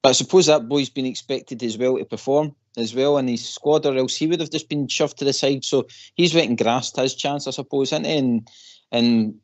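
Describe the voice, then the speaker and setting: A man's voice: medium pitch, moderate pace, muffled recording. Earnest man on a phone-in. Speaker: co-host. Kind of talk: casual radio chat.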